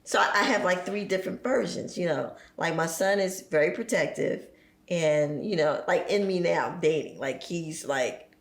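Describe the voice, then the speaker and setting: A woman in her forties, a podcast guest, telling animated stories about her children and laughing often. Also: on the low side, normal speed, echoey room. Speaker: podcast guest, entrepreneur and single mother. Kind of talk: casual chat.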